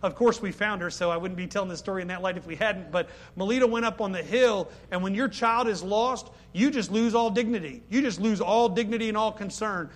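High-voiced man preaching emphatically. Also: brisk, hardly any pauses. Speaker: pastor. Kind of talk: sermon.

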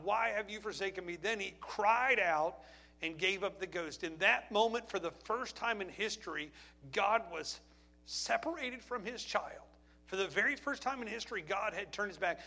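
A middle-aged male pastor delivering an impassioned sermon, climbing to near-shouts and then dropping low and quiet.

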